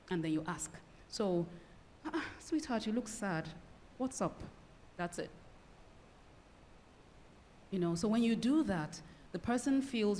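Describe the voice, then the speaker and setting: A woman lecturing in a hall, her lowish voice carrying a long reverb. She explains ideas plainly and slips into brief acted-out exchanges to make her points. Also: a little hiss or hum. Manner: animated, acts out short example dialogues. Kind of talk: public lecture.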